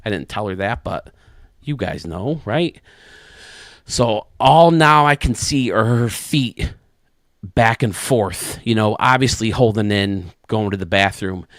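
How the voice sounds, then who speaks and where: Animated chuckling male storyteller. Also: on the low side, takes it slowly, dry recording, studio quality. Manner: animated, chuckling anecdote-teller. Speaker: gaming channel host. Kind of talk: casual storytelling to camera.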